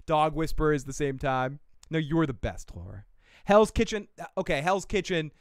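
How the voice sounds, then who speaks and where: A man's voice: a little high, lively intonation, moderate pace, no echo, clean studio sound. Swearing, laughing male livestream host. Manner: profane and rambling, laughing often. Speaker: show host. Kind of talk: casual livestream chat. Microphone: desk mic.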